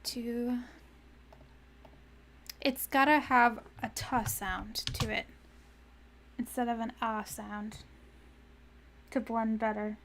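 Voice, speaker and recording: A woman's voice: on the high side, steady tone, slow, pauses often, background noise. A young woman streaming live, thinking aloud as she writes song lyrics, repeating phrases and trailing off as she searches for words. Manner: often laughs and trails off mid-thought. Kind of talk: casual live-stream chat.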